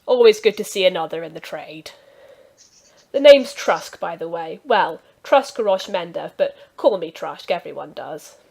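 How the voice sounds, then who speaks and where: A woman voicing a cheerful, fussy male village healer who talks loudly and eagerly. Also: on the low side, lively intonation, moderate pace, gravelly, breathy edge, full character voice. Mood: hearty. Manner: loud, hearty and eager.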